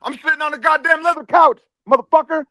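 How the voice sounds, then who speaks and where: A man's voice: very high-pitched, steady tone, fast, pushed and bright, no room sound. A man in a heated, casual stream chat, taunting and swearing at another panelist. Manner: profane, taunting, confrontational.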